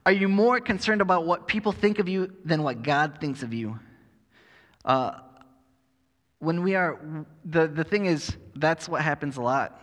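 A man's voice: a little high, expressive, measured pace, a bit bright, in a large hall. A man preaching a sermon as pastor, conversational and self-deprecating with touches of humor.

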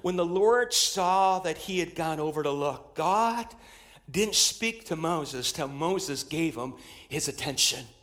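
A man's voice: fairly high pitch, expressive, slow, a bit bright. A man preaching a sermon to his church in an emphatic style, repeating phrases as he builds intensity. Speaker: pastor.

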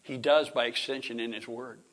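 A middle-aged man teaching a Bible lesson in an informal lecture style, rambling, restarting sentences, clearing his throat and chuckling. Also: medium pitch, steady tone, moderate pace, fairly bright tone.

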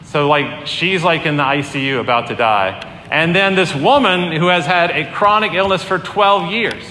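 Man, pastor, sermon; bright, higher voice, conversational and earnest; roomy hall with long reverb. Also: animated, normal speed. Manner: conversational, earnest, many fillers. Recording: echoey hall, long reverb, faint room noise.

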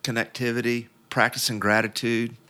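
A man's voice: mid-range voice, little pitch movement, moderate pace, pushed and bright, dry recording. A middle-aged man, a podcast guest, telling a story casually with many fillers and restarts.

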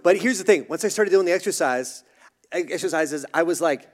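A man's voice: fairly high pitch, lively intonation, a little fast. A man preaching a sermon, casual and conversational, who jokes about himself and acts out the voices of others in his stories. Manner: conversational, self-deprecating humor, acts out voices. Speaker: pastor.

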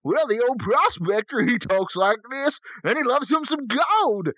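A man voicing an old male gold prospector with a slow, folksy drawl. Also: extremely high pitch, animated, bright, forceful tone, no echo, lo-fi sound, pitched above the performer's own voice, full character voice.

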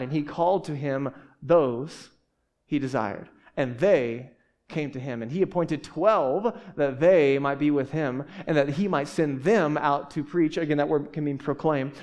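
A man's voice: on the high side, darkish tone. A man in his forties preaching a sermon in a casual, conversational way, with asides and restarts. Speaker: pastor.

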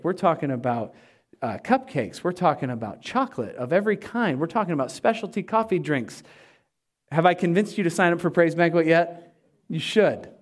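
A man preaching a sermon as pastor, animated and playful, acting out the disciples in quick asides and dropping to a hushed, slow voice for emphasis. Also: high voice.

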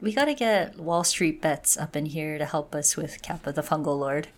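A woman with a somewhat low voice co-hosts a casual gaming podcast. She talks in a chatty way and lets her sentences trail off. Her delivery is relaxed and conversational. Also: moderate pace. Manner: chatty, laughs between remarks, trails off. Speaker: podcast co-host.

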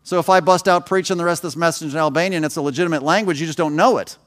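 A man's voice: on the high side, rapid-fire. A man, a pastor, preaching a sermon in a conversational way, with personal stories and joking asides to the congregation.

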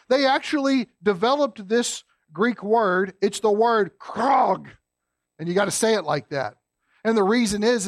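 A man preaching a sermon as a pastor, folksy and emphatic, dropping low and quiet to stress a point. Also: no room sound, studio quality.

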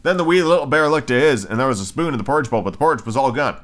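A podcast host with a medium-pitched, animated voice talks rapid-fire with hardly any pauses. He casually reads a storybook aloud, breaking off for irreverent commentary and swearing freely.

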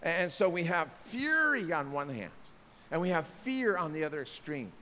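Animated preacher man in an echoing hall. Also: a little high, moderate pace. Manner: animated, acts out voices of people, jokes aside. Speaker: pastor. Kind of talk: sermon. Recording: long reverb, faint hiss.

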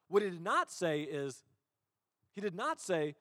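A man's voice: high voice, sing-song, unhurried, sharp tone, clean studio sound. A male pastor preaching a sermon in a church auditorium. He talks in a conversational, self-deprecating way and often repeats words as he restarts. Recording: long hall reverb.

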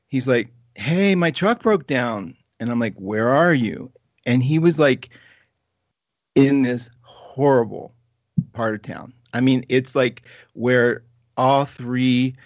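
Chatty animated man telling a story. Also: mid-range voice, no room sound, dull audio. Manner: chatty, animated, self-mocking, with frequent laughs and "like". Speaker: astrology show host. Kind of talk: casual storytelling monologue.

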